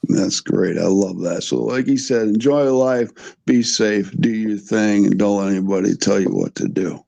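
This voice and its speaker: A man hosting a podcast, upbeat and quick to agree and praise his guest. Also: fairly low pitch, gravelly, warm tone, no room sound. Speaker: podcast host. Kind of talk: casual podcast chat.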